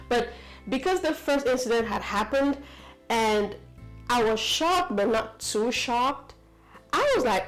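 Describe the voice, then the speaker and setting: A woman's voice: medium pitch, poor audio. A woman from the United States telling a story to camera in a chatty, rambling way, full of fillers and asides. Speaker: vlogger.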